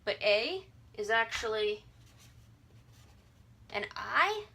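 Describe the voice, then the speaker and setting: A woman's voice: fairly high pitch, big pitch swings, extremely slow, creaky, sharp tone, breathy edge. A young adult woman giving a casual video lesson, breezy and irreverent, sounding out vowels and words as she explains. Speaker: language teacher.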